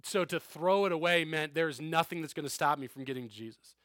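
A man's voice: on the high side, a little fast, a bit bright, no room sound, clean studio sound. A man preaching a sermon in a conversational style, often checking in with the listeners. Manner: conversational preaching, frequent "okay?" asides. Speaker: pastor.

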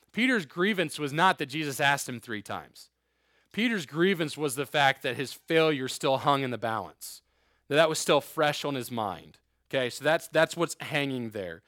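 A man's voice: on the high side, a bit bright, no room sound, studio quality. A man preaching an informal sermon to a youth group in a room, reading scripture aloud with joking asides. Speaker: youth pastor.

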